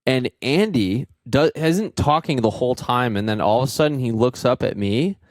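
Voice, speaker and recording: A young man and podcast co-host telling a tour story in casual chat, animated and swearing, mimicking friends in a raised voice. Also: medium pitch, moderate pace, dry recording, studio quality. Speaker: podcast co-host, band member.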